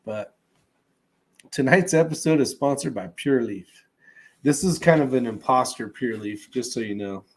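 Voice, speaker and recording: Male livestream host, relaxed and rambling, mid pitch, casual chat delivery. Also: moderate pace, long pauses.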